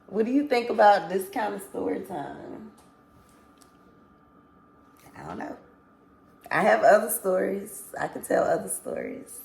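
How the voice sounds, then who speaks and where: A woman's voice: mid-range voice, big pitch swings, measured pace, vocal fry, long pauses, a little mellow, a little hiss or hum. A woman vlogger telling a casual storytime to her viewers, candid and rambling, swearing freely and apologizing as she loses her thread.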